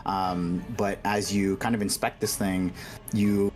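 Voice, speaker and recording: A man runs a tabletop game, describing scenes in a loose, rambling way and piling on fillers. His voice is very deep. Faint music sits in the background. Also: little pitch movement, a little slow, a little mellow. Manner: rambling, full of "like" and restarts. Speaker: game master.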